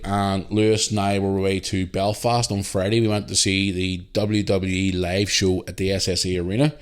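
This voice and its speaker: A Northern Irish man hosting a casual solo podcast, talking animatedly and swearing freely as he retells his week. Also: lowish voice. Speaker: podcast host.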